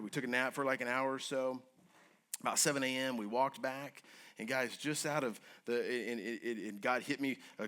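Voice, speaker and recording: Guy speaking to an audience, fairly low voice, talks fast, earnest and intense, goes quiet then urgent. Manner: earnest and intense, swinging between hushed and urgent. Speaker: guest speaker. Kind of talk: emotional personal storytelling to an audience.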